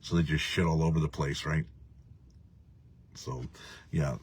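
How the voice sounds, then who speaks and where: Deep husky-voiced man ranting. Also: fairly even intonation, measured pace, dry recording. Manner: profane, rambling, laughs often. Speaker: livestream host reading viewer comments. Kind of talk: casual ranting live chat.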